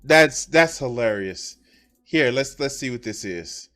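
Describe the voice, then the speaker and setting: A man's voice: medium pitch, lively intonation, a little slow, bright, forceful tone, soft background music. A man giving profane, emphatic political commentary as a streamer, often repeating his phrases.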